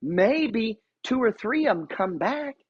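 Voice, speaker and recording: A man with a husky, slightly high voice delivers a blunt motivational rant full of swearing. His pitch swings widely as he pushes his points. The recording is dull and lo-fi. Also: sing-song, takes it slowly. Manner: blunt, profane, emphatic. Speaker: investor and real estate buyer.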